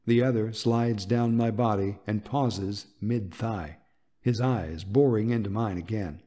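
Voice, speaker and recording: A man narrates a romance audiobook in a soft, intimate and unhurried way. His voice sits fairly low, and the tone is dark and mellow.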